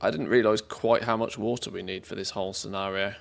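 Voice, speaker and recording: Gravelly streamer thinking aloud. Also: male voice, lowish voice, fairly even intonation, fairly quick. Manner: thinking aloud, chatty, laughs easily. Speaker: game streamer. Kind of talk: casual live-stream commentary.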